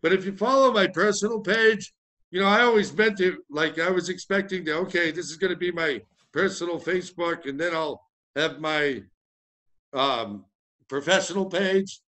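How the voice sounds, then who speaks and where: Bright high-voiced Gloucester captain. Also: male voice, moderate pace. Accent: Gloucester, Massachusetts. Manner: chatty, jokey, loose rambling. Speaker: fishing boat captain, guest. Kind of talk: casual interview chat.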